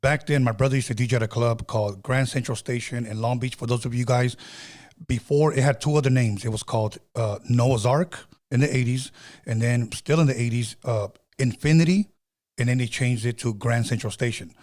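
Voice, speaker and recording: A middle-aged man hosting a podcast, telling stories in a loose, animated way with slang and cursing. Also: medium pitch, a little fast. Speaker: podcast host. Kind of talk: casual storytelling chat.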